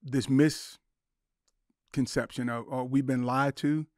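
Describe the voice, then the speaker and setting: A man's voice: medium pitch, steady tone, slow pace, a little mellow, dry recording, studio quality. A man in his sixties, a podcast guest, talking earnestly in a casual conversation and acting out quoted dialogue. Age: 60s.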